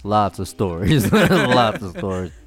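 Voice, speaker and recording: A man's voice: lowish voice, takes it slowly, over music. A man telling profane stories in casual chat with friends, laughing often. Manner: profane, laughing, animated storyteller.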